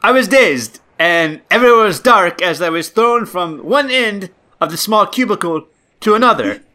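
A man's voice: high voice, expressive, normal speed, pushed and bright, pitched above the performer's own voice. A man doing a put-on accent to voice a dazed male survivor, in a raised, half-laughing tone.

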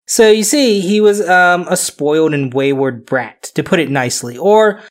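A man's voice: high voice, lively intonation, a little slow. A man hosting a casual podcast, telling a history story loosely, with frequent fillers and chuckles.

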